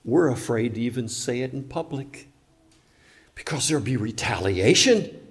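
A man's voice: medium pitch, expressive, normal speed. A man preaching a sermon to a church congregation, emphatic, asking rhetorical questions and talking back and forth with listeners.

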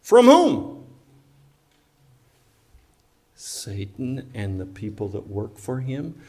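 A man's voice: lowish voice, unhurried, mellow. A man preaching a sermon to a church congregation, emphatic, asking rhetorical questions and talking back and forth with listeners.

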